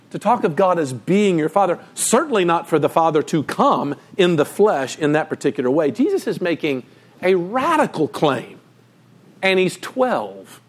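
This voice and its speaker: A male pastor delivering a sermon in a high, lively voice that leaps up and down for emphasis. He tells the story with animated, emphatic energy, addressing a congregation directly. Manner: animated, emphatic storytelling with sudden pitch jumps.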